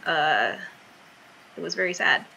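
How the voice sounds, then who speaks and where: A young adult woman chatting casually and thinking out loud as she plays a card game. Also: deep voice, lively intonation, unhurried, gravelly, highs cut off, a little hiss or hum. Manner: chatty, thinks aloud while playing. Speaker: streamer. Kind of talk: casual gameplay commentary.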